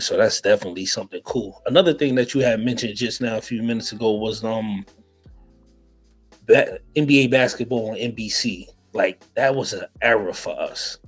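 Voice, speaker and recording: A man's voice: fairly low pitch, breathy edge, rough recording. A man from the Bronx hosting a casual sneaker interview, laid-back, often saying "man" and repeating words. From the Bronx, New York. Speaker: podcast host.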